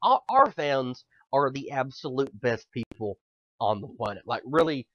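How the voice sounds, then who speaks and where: A man in his thirties co-hosts a loose, profane comedy podcast, lurching from mock boasting to joking gloom. His medium-pitched, fairly bright voice swings widely in pitch at normal speed, and the audio is dull, lo-fi and dry with no echo.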